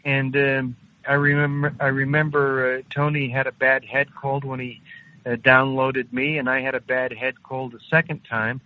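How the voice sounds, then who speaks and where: Older male guest on a phone-in, hesitant and slow-spoken, tinny line. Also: mid-range voice, little pitch movement. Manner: halting, unhurried, frequent hesitations. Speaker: interview guest. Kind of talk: recounting a personal story. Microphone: phone call.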